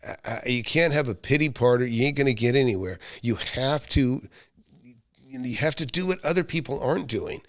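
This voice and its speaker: A man's voice: medium pitch, expressive, moderate pace, no room sound, clean studio sound. A middle-aged American man hosting a live stream about making money, talking bluntly, swearing now and then, with lots of restarts. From United States. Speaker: real estate coach hosting a live Q&A stream. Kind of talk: live-stream chat with viewers.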